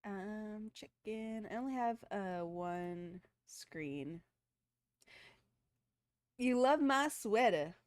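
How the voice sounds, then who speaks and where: A woman's voice: medium pitch, animated, very slow, pauses often, no room sound, clean studio sound. A woman chatting casually with her viewers on a live stream, rambling from one thing to the next.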